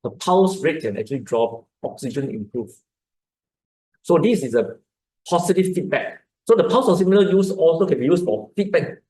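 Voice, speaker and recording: Malaysian guy doctor explaining breathing stuff, kinda high voice, lots of room echo. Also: a little mellow. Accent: Malaysian English. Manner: explanatory, repeats words, demonstrates breathing and huffing. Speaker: doctor giving a lecture. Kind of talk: informal health lecture with demonstration. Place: lecture hall. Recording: echoey lecture room.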